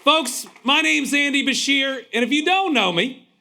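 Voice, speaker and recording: Emphatic governor shouting to an outdoor rally. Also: male voice, extremely high pitch, animated, normal speed, vocal fry, very noisy. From Kentucky. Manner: emphatic, chanting lists of proud declarations. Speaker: visiting governor, rally speaker. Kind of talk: rousing political rally speech.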